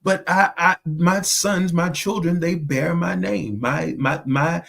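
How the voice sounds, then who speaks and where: A man's voice: on the high side, fairly even intonation, takes it slowly, creaky, fairly bright tone. A man from the United States hosting a faith podcast, talking in an earnest, emphatic, preacherly way. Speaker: host.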